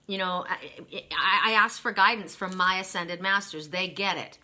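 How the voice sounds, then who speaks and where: Bright-voiced chatty woman card reader. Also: mid-range voice, animated, moderate pace, few pauses. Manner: chatty, rambling storyteller with many restarts. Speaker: tarot and oracle card reader. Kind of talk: casual spiritual reading monologue.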